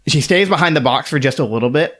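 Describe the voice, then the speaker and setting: A man's voice: a little high, animated, fast, fairly bright tone. A man narrating as game master of a tabletop game, loose and full of fillers.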